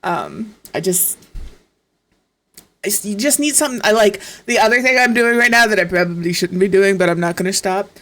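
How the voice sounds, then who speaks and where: A woman's voice: medium pitch, a little fast, a bit bright. Profane, exasperated woman streamer. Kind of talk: casual chat.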